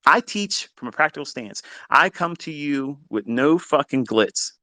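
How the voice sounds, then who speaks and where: A man giving a blunt, profane trading lecture, hammering points with repetition and swinging between loud bursts and low asides. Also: animated, measured pace, few pauses, no echo. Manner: blunt, heavy swearing, emphatic repetition. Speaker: trading educator.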